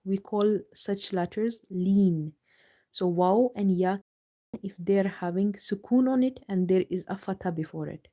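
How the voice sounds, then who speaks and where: Woman, recitation teacher, mellow tone, patient, slow repetition of words. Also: mid-range voice. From United Kingdom. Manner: patient, repeats words slowly for students. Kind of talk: live online tajweed lesson.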